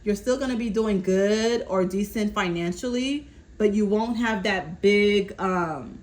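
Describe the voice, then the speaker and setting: A tarot reader with a medium-pitched voice speaks unhurriedly to camera in a casual, reassuring reading, though the audio is poor. She relays messages from spirit in a steady stream and keeps checking in with "okay?"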